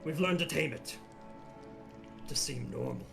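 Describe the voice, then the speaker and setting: A man doing a gruff, zealous werewolf leader. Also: on the high side, measured pace, music in the background. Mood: fervent.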